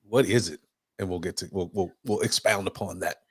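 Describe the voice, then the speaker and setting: A man's voice: low voice, a little fast, breathy edge, no echo, clean studio sound. A man hosting a casual interview, playful and joking with his guests. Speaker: interviewer host.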